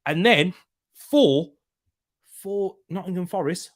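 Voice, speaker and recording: Speaking slowly in a high, expressive voice, a young man hosts a live football watchalong. He chats casually, banters with his viewers, laughs often and reads chat comments out loud.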